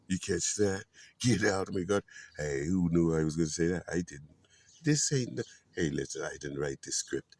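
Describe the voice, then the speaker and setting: A man's voice: low voice, a little slow, a little mellow. A man rambling about faith outdoors in a garden, preachy with playful asides. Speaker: spiritual vlogger. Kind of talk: rambling casual spiritual musing.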